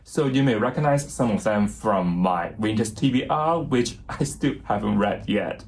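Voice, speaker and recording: A man giving a casual bookshelf tour as a book vlogger, chatty and self-deprecating, pausing now and then to recall titles. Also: lowish voice, animated, rough recording. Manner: chatty, self-deprecating, laughs lightly at himself; pauses to recall titles and names.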